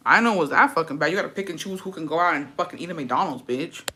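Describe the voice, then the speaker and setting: A female vlogger with a bright, ringing tone and a low-pitched voice reads viewer comments aloud, reacting to each at a racing pace. She's blunt and slangy, swearing freely while telling animated stories.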